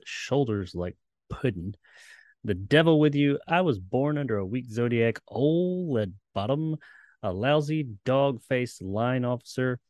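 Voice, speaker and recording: A man's voice: mid-range voice, no room sound, clean studio sound. A man co-hosting a podcast, reading a long list with playful, mock-dramatic relish and chatting casually. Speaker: co-host.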